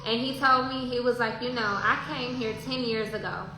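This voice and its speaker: A woman telling a travel story in a casual, animated way, laughing often and talking about spiritual signs. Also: a little high, normal speed. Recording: very echoey room with faint hiss.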